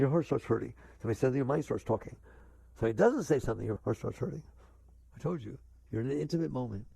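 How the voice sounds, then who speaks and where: A man's voice: medium pitch, vocal fry, warm tone, breathy edge, dry recording. An older man giving a conversational spiritual talk, questioning his listeners and acting out inner voices. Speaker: spiritual teacher.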